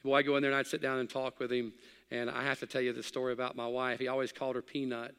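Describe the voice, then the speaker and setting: A middle-aged man preaching a sermon as pastor, swinging from loud, excited exhortation to hushed, quiet reflection. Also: medium pitch, quick pace, clean tone, in a large hall.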